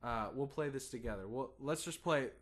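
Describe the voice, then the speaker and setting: A man's voice: mid-range voice, fairly quick. A man gives a guitar lesson in a patient, encouraging way. He counts in the student and sings strum rhythms as plain syllables, stressing some beats. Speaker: guitar teacher.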